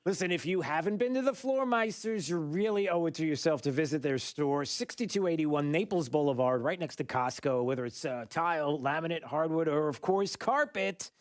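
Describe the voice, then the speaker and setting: Male radio host, raised pitch, casual live-read pitchman. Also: brisk, hardly any pauses. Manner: friendly, chatty pitchman.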